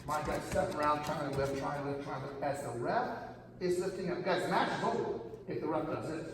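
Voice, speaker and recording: A man's voice: fairly high pitch, a little fast. A middle-aged man coaching wrestling at a camp, telling a story animatedly, often calling his listeners "guys" and raising his voice for emphasis. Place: large gym hall. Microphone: camera far from speaker. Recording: echoey gym, distant camera, audible room noise.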